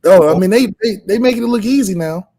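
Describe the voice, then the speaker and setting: A man's voice: sits high, fast, mellow. A man co-hosting a sports podcast, bantering in a laid-back, defensive way. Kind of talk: casual sports debate.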